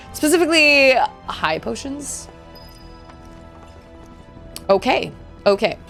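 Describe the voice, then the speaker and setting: High-pitched and sing-song, this young woman draws out her words in a gravelly, somewhat bright voice. She's streaming a game live, chatting and reacting to the text she reads aloud while game music plays, with an occasional robot voice effect.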